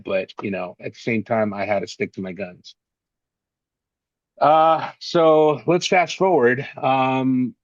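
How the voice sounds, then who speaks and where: A man telling stories in an interview, lively and chatty, and he slips into other people's voices as he quotes them. His voice sits in a middling pitch. The audio is dull and dry, with no room sound. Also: dry recording. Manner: animated anecdotes, acts out quoted voices. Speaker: actor and interview guest. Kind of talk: casual storytelling interview.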